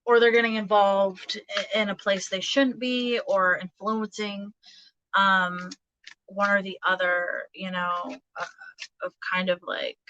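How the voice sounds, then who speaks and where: A woman in her thirties giving a casual tarot reading, halting and hesitant, with many fillers and restarts. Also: mid-range voice, fairly even intonation, pushed and bright, no room sound, muffled recording. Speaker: tarot reader.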